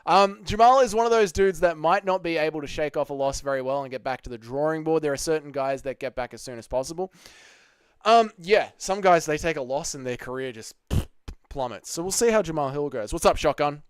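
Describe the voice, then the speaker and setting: Casting note: man, slightly high voice, smooth and clean, dry close sound, livestream host bantering with chat. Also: fairly quick, dry recording. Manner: reads chat comments aloud and argues back. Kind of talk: casual live Q&A chat.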